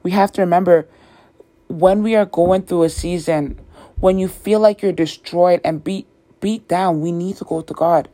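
A woman's voice: fairly low pitch, fairly even intonation, moderate pace, dark tone. A woman hosting a faith podcast, praying and talking earnestly with many repetitions. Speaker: podcast host. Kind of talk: prayer and faith talk.

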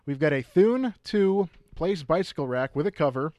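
A man reads items for sale and phone numbers on a local radio show, slow and steady, his voice a little worn and hoarse. His voice is slightly high, and the studio sound is dry and close. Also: no room sound. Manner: steady, plain reading of listings and phone numbers. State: losing his voice. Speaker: radio co-host.

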